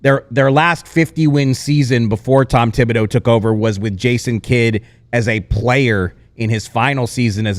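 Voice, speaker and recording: Casting: male basketball reporter, mid pitch, thoughtful and hesitant. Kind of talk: sports podcast discussion.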